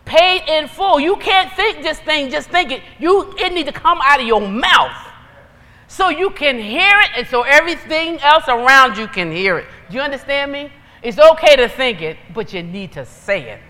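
Woman preacher, bright and punchy, lively conversational sermon, long hall reverb. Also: high voice, moderate pace.

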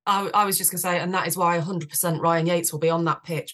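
A woman's voice: lowish voice, flat delivery, fast talker, few pauses, fairly bright tone. A woman co-hosting a casual football podcast, making confident, emphatic predictions. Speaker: podcast co-host.

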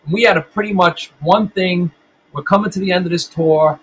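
A middle-aged man rambles through stories as an interview guest, swearing freely and restarting his sentences. His voice sits a bit high, and a faint hiss runs beneath it. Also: a little fast, fairly bright tone, low-quality recording. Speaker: band musician, guest. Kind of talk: casual storytelling interview.

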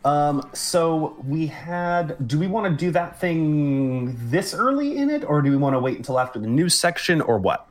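A man's voice: fairly high pitch, lively intonation, normal speed, few pauses. A man hosting a casual gaming podcast who talks loosely, with fillers and casual swearing, on a home podcast mic. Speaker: podcast host. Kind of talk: casual chat.

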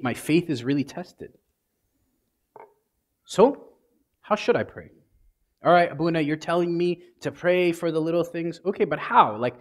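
A man, a priest, giving a conversational sermon and acting out prayers in everyday speech. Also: on the high side.

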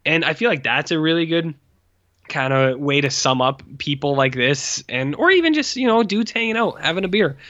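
Bright-voiced man rambling about movies. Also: fairly high pitch, lively intonation, normal speed, no room sound, highs cut off. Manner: rambling, filler-heavy, acts out quoted lines. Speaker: podcast co-host. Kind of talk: casual movie review chat.

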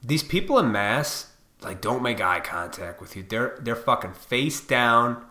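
A man's voice: medium pitch, animated, a little slow, sharp tone. A man hosting his own podcast, ranting profanely and combatively, now and then mocking other people in put-on voices. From Illinois. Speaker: podcast host.

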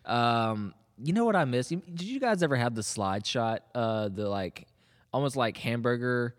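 A man in his thirties co-hosts a podcast in a mid-range, animated voice at normal speed, and the sound is that of a big room. He chats casually, rambling and restarting himself often while laughing a lot.

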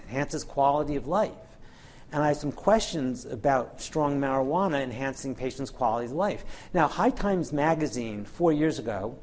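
A man's voice: mid-range voice, darkish tone. A middle-aged man, a physician and researcher, giving a lecture in a candid, wry storytelling manner with many fillers and restarts. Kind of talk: lecture to an audience.

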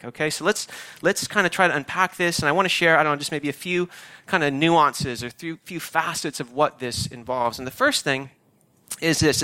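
A man's voice: a little high, bright, forceful tone. A man, a pastor giving a conversational, emphatic sermon that repeats its key phrases.

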